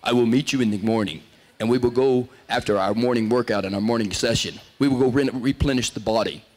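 A solemn male fitness trainer, as a man puts him on in a voice dropped well below his own. He speaks in slow, grand, ceremonial phrases. It sounds faintly distant from the mic. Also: mid-range voice, long reverb tail, voice pushed down, lightly acted.

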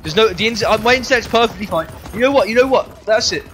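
A man's voice: high-pitched, expressive, fast, a bit bright, slight background noise. A young man livestreaming a game, bantering with chat in a sweary, joking way. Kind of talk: live game streaming chat.

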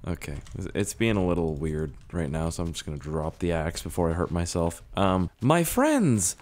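A young man commentating his gameplay, rambling and swearing, with sudden yelling bursts and a voice hoarse from screaming. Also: low-pitched, fairly even intonation, brisk. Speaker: gaming YouTuber. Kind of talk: casual let's-play commentary.

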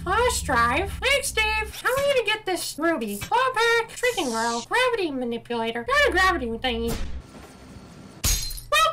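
A woman doing casual let's play commentary, excitable and quick to swear, reacting loudly to the game. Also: very high voice, poor audio. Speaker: gameplay commentator. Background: game music.

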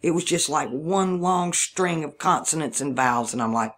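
A man's voice: a little high, lively intonation, normal speed, fairly bright tone. A man from Mississippi with a Southern drawl, talking through a rambling solo monologue, thinking aloud and spelling words out letter by letter. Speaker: video channel host.

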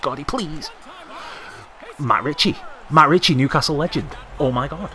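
A young man commentating live on his own gameplay, excitable, swearing and yelling at the game. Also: fairly high pitch, a little fast, long pauses, noisy background. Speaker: gaming commentator.

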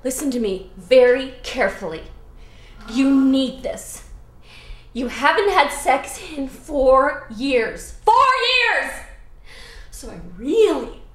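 A woman's voice: high-pitched, reverberant, heavily acted. An actress playing a bossy, crude young woman who drills herself in a comedy short film.

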